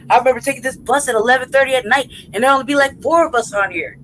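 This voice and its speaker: A woman's voice: sits high, very fast, a bit bright, faint music behind, poor audio. A woman hosting a podcast, telling a rambling, profane story in casual chat. She keeps checking in with "right?" and "you know what I mean?" and laughs as she goes. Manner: laughs through her story. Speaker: podcast host.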